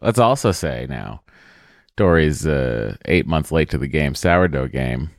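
Very deep-voiced gravelly man joking around. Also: expressive, unhurried, no echo, clean studio sound. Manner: joking, rambling with fillers. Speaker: podcast co-host. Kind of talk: casual chat.

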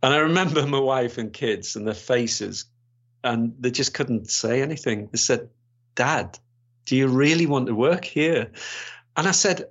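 A man's voice: medium pitch, unhurried, fairly bright tone, breathy edge. A man, a retired police officer recounting his career in a rambling way, with many restarts and fillers. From Gateshead, England. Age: 60s. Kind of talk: storytelling interview. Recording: slightly dull, lo-fi sound.

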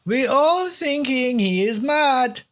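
A man doing a slow, singsong Norwegian villager. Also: very high-pitched, animated, a bit bright, pitched above the performer's own voice, heavily acted. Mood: blunt. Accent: put-on Norwegian. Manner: broken English, blunt short phrases. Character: gruff Norwegian villager and boatman, blunt, plainspoken.

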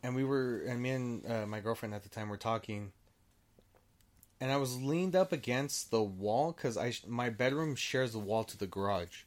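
A man's voice: mid-range voice, normal speed. Casual swearing man telling a story. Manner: swears freely, acts out quoted dialogue; rambling, with frequent restarts. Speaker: storyteller guest.

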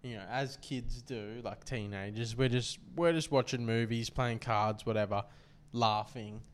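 A man's voice: mid-range voice, fairly even intonation, a little slow. Young man, podcast co-host, rambling storyteller, mid-range voice. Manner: rambling, laughs while telling stories. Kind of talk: casual storytelling chat.

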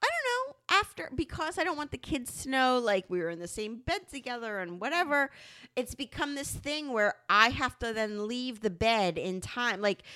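On a dry recording, a woman's slightly high voice moves at a moderate pace. Co-hosting a frank podcast with her partner, she's lively and profane, performing his quotes as she goes.

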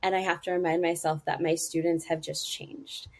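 A middle-aged woman talking about her consulting work in a casual interview, with an animated way of leaping up in pitch for emphasis. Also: moderate pace. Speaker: guest, marketing consultant.

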